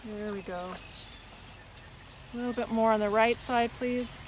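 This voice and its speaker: A soft-spoken woman with a fairly high voice talks through a hands-on equine therapy session outdoors. Her explanations are gentle and unhurried. Faint outdoor noise and birdsong sit behind her on the camera mic. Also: fairly even intonation. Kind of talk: hands-on demonstration narration. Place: outdoors with a horse, rural setting.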